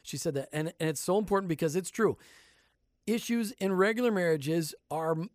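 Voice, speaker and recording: A man's voice: sits high, a little fast, no room sound. A man co-hosting a faith and business radio show, joking and rambling in casual studio chat. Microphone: studio microphone.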